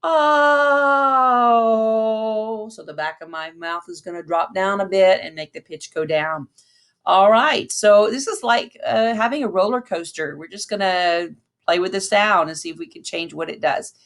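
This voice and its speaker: Patient woman band teacher, lowish voice. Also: moderate pace. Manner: patient, counts aloud and demonstrates sounds. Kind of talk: instructional lesson with counting.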